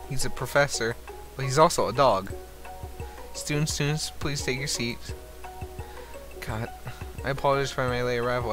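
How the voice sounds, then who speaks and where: A man reads the lines of a dating game aloud in a middle-pitched voice, then breaks off to mock it with profane, sarcastic asides. His delivery swings from flat reading to loud outbursts. Faint music plays under him. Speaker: streamer playing a visual novel. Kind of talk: reading game text aloud with joking commentary.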